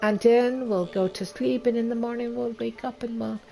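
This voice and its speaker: A woman's voice: on the high side, steady tone, normal speed, gravelly, dark tone, faint music behind, rough recording. A woman voicing a hospitable female wood elf who chats while offering food in a game role-play. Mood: cozy. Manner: chatty, listing food offhandedly. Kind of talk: tabletop-style online game role-play.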